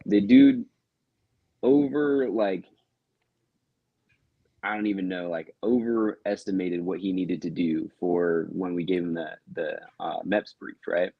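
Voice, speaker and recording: A man co-hosting a podcast as a Marine recruiter, talking in relaxed, hesitant casual chat. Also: sits low, slow, dry recording, narrow, tinny audio. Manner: relaxed, hesitant, many fillers.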